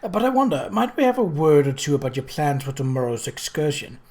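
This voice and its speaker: A reader voicing a mild, tactful English gentleman who steers talk diplomatically. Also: deep voice, sing-song, fast talker. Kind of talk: audiobook character voice.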